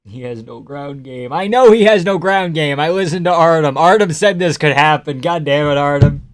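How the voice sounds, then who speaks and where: A man reacting live to a fight on stream, his voice smooth and resonant and pitched a little high. He talks casually and swears freely, and he swings into excited, shouted outbursts. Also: normal speed. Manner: profane and excitable, breaking into shouted groans.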